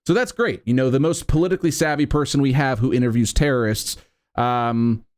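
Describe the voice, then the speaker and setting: A man in the middle of his pitch range, giving reaction commentary on a clip. He sounds incredulous and sarcastic, and keeps asking "right?" as he builds his case. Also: fairly even intonation, a little fast, a little mellow. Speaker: commentary host.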